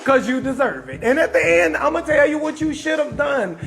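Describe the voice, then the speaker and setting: A man from New Orleans with a New Orleans accent, a comedian hosting a live stream and roasting someone in a loud, profane rant with shouted bursts. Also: very high voice, sing-song, normal speed, soft background music. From New Orleans, USA.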